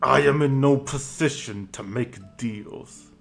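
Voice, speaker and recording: A man voicing a bound male demon who speaks slowly and formally, calm and resigned. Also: mid-range voice, creaky, soft background music. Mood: guarded. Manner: slow, measured formal speech.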